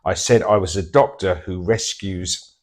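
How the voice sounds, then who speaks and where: A man's voice: low voice, fairly even intonation, moderate pace. A man with a Portsmouth English accent, bantering and teasing with dry quips in a comic sketch. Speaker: comedy double-act host.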